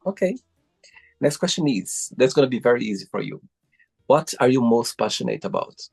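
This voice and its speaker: A male host asks his guest questions and gushes over each reply with "wow" and "I love it." His voice is gravelly and husky at a middle pitch. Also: big pitch swings, a little fast, a little mellow. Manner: effusive, keeps saying "I love it" and "wow". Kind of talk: interview host asking questions. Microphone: video call.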